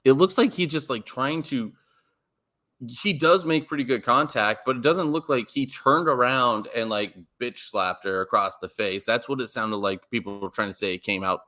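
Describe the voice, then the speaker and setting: A man's voice: medium pitch, moderate pace, bright, forceful tone. A man co-hosting a sports podcast, talking in a rambling, emphatic way with many fillers and restarts. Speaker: podcast co-host. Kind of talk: casual sports podcast chat.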